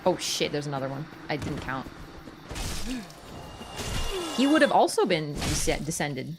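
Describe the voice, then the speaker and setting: A woman's voice: deep voice, very animated, a little fast, background noise. A young woman livestreaming a game, chatting casually with a sarcastic, playful and teasing manner. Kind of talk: casual gaming livestream chat.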